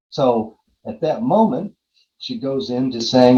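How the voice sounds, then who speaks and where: A man's voice: mid-range voice, animated, slow, dark tone, muffled recording. A man in his forties, a podcast guest, earnestly telling a personal story and re-enacting his own side of a conversation. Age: 40s.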